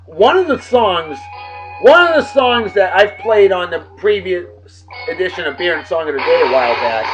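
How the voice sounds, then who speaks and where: A man hosting a casual video show, giving rowdy, jokey shout-outs that swing between loud bursts and low asides. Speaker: host of a daily beer and music video show. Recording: dull lo-fi video with music underneath.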